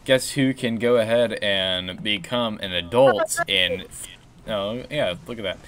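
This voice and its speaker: A man's voice: fairly low pitch, unhurried, a bit bright. A man casually chatting while streaming a game, rambling and answering chat. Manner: rambling, restarts, reads chat.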